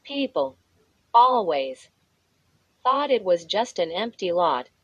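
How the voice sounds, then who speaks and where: A bold, teasing young boy from a spooky storybook, as a woman reads him out, eager and taunting, at a slow, unhurried pace. The voice sits at an ordinary pitch and sounds close and dry. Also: very animated, slightly rough, dry recording, lo-fi sound, heavily acted.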